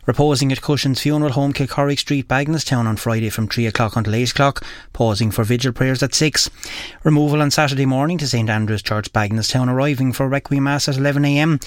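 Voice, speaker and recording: An Irish man on local radio, reading death notices in a measured, formal way. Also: mid-range voice, no echo, clean studio sound. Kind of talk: read announcements.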